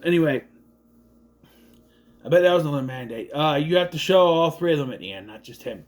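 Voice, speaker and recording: Animated rambling man recapping a movie. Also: fairly high pitch. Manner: rambling, animated, quick quoted impressions of characters. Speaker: movie reviewer.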